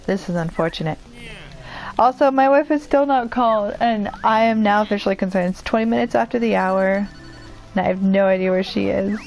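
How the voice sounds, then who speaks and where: A woman's voice: medium pitch, brisk, vocal fry, darkish tone, rough recording. A young woman rambling and joking at her own expense while commenting on a video game she plays. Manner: rambling, self-deprecating, chatty. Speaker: let's play commentator. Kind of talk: casual gameplay commentary.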